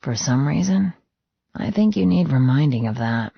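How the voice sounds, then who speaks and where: A man voicing a brooding, possessive biker president in a suit, speaking low, intimate and teasing. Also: expressive, moderate pace, vocal fry, breathy edge, no room sound. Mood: intense. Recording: dull, lo-fi dry studio read.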